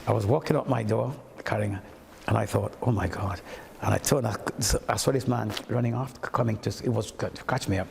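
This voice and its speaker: A man's voice: on the low side, brisk, gravelly, big-room sound, slight background noise. An older man from Montserrat, a toastmaster telling stories and acting out the voices of the people in them. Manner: animated storyteller who acts out quoted speech. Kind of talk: anecdotal storytelling.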